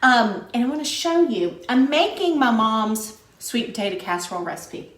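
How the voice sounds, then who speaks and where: A woman's voice: on the high side, very animated, moderate pace, fairly bright tone, slight background noise. A woman from West Virginia hosting a live cooking stream, chatting with viewers in an upbeat way and laughing often. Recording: echoey room sound.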